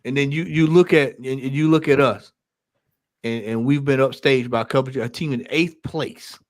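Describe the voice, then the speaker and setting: A man of middling pitch making his case on a fan show, earnest and emphatic. He circles back over the same words to hammer each point home. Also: moderate pace. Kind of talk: casual football chat.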